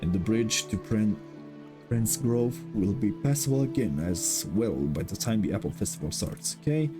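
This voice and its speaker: A man's voice: fairly low pitch, expressive, moderate pace, over music, natural voice. A man reading out a fussy old mayor. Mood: dismissive. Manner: dismissive, hesitant, with many uhs. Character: fussy older male town mayor. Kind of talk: reading game dialogue aloud.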